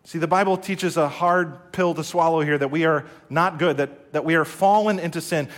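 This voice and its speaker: Pastor, middle-aged man from the US, slightly raised pitch, earnest sermon delivery with call-and-response.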